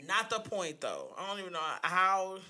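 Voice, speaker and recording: A woman, telling stories in a casual chat, animated and slangy, swearing freely. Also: medium pitch, moderate pace, slight background noise.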